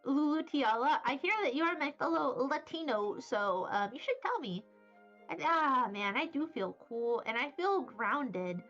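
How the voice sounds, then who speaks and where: A woman's voice: high-pitched, lively intonation, a little slow, a bit bright. A young woman from Wyoming streaming, chatting casually and reading chat aloud in a rambling, silly, playful way. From Wyoming, USA. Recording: slightly dull audio with faint background music.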